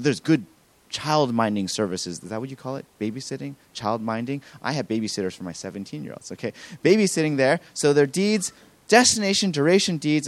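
A man delivers a sermon as pastor, his voice a touch high and swinging widely in pitch. He acts out everyday quotes with animated emphasis. The sound is dry and close, with little room in it. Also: dry recording. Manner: animated preaching with acted-out quotes.

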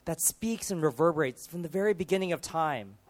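Emphatic preacher with a higher voice. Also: male voice, lively intonation, brisk. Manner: emphatic, rising and falling rhetorical questions. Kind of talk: sermon.

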